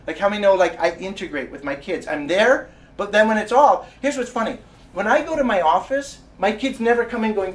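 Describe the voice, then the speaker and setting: Energetic man with a fairly high voice for a motivational seminar, prods the audience for agreement, heard from a distance in a room. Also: a little fast. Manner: keeps asking the audience "right?" and "how many know"; energetic, with restarts and repetition. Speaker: seminar presenter. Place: meeting room with a live audience. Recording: distant mic with faint background noise.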